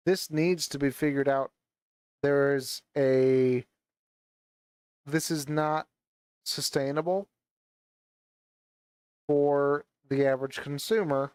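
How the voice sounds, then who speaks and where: A man's voice: medium pitch, fairly even intonation, takes it slowly, pauses often, darkish tone, clear, resonant tone, dry recording. A man ranting angrily about a game while wearing a VR headset, swearing and venting as a gaming vlogger. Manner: angry, swearing rant. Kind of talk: ranting commentary while playing. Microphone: VR headset on, gaming mic.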